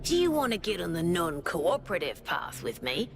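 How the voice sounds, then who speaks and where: A woman's voice: lowish voice, big pitch swings, normal speed, gravelly, soft background music. A woman voicing a sly, conspiratorial robot recruiter in a video game, in a confiding, wheedling manner.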